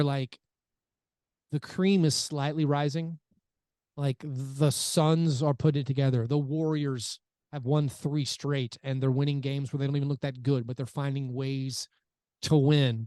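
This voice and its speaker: Chatty man, higher-pitched, dry sound. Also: warm tone, no room sound. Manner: chatty, restarts mid-sentence. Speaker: podcast co-host. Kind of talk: casual chat.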